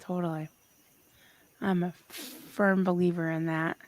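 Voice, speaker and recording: A woman's voice: lowish voice, flat delivery, unhurried. A woman co-hosting a casual livestream, bubbly and laughing often as she reads chat messages aloud. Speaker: co-host.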